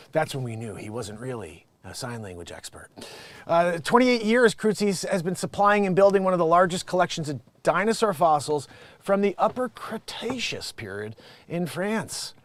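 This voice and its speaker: A man hosting a comedy news show, joking and swearing as he reads headlines and swings into loud bits. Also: a little high, lively intonation, moderate pace, dry recording.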